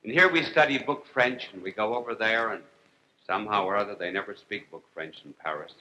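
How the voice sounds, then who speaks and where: A man speaks as a priest giving a lecture to a television audience. His voice is sharp and bright, and his delivery is wry and unhurried. He spaces his phrases out and drops his jokes with a straight face. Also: lowish voice, slight background noise, low-quality recording. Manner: wry, deliberate, with long pauses and dry jokes. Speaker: priest and TV host.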